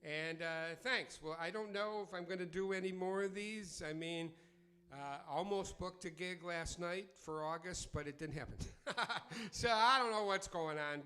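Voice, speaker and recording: A man's voice: fairly high pitch, sharp tone, smooth. Sardonic man with rhythmic spoken delivery. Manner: loose, halting chat between pieces. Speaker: singer-songwriter and spoken word performer. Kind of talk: live streamed show, patter and rhyming spoken word.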